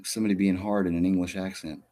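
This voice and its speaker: A man hosting a casual chat, rambling and hesitant, often trailing off quietly. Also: sits low, flat delivery, fast talker, slight background noise. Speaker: podcast host.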